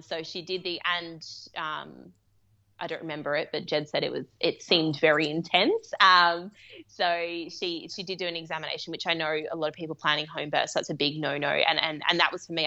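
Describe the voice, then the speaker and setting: A woman's voice: low-pitched, fairly even intonation, brisk, creaky, sharp tone, lo-fi sound. A woman who works as a midwife, a guest in a remote interview, telling a personal story in a candid, rambling way with frequent laughs. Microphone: remote call.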